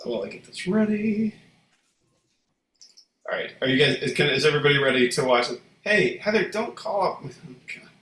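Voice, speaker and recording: A man co-hosting a casual livestream in a rambling, relaxed way, with some swearing. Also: on the high side, moderate pace. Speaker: co-host. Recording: echoey room, faint noise.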